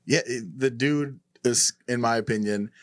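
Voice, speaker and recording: A man's voice: mid-range voice, a little slow. Laid-back man, slangy co-host. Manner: loose, slangy. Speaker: podcast co-host. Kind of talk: casual podcast chat.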